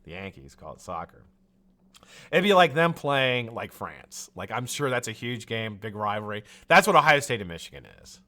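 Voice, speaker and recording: A man's voice: fairly low pitch, moderate pace. A man from the United States hosting a live stream, greeting viewers by name in a loose, chatty way and drifting into tangents. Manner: lively, chatty, jumps between shout-outs and tangents. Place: home studio.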